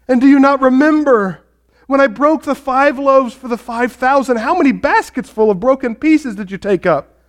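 A man's voice: extremely high pitch, normal speed, pitched above the performer's own voice. A man playing Jesus as a grieved teacher who presses his followers with raised, insistent questions. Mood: pleading, insistent.

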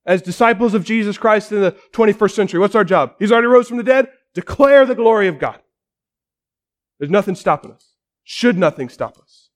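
A male pastor preaching a sermon with dramatic storytelling, often dropping to a near-hush for weight. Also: high-pitched, brisk.

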